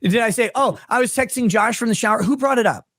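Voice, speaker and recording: A man in a heated argument on a livestream, swearing a lot and firing off rhetorical questions in a fast, angry rush. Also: extremely high pitch, a bit bright, no room sound, studio quality.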